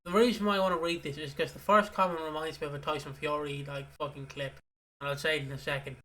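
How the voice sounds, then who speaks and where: Jokey, rambling co-host, a man who is sick and slightly hoarse, with a bright, fairly high voice. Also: fairly even intonation, quick pace. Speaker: podcast co-host. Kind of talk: casual podcast chat.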